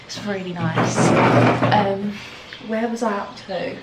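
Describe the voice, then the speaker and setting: Outside in the evening, a young London woman talks to camera as a vlogger, chatty and full of "like" fillers. Her medium-pitched voice moves at a moderate pace, but the echoey audio is very noisy.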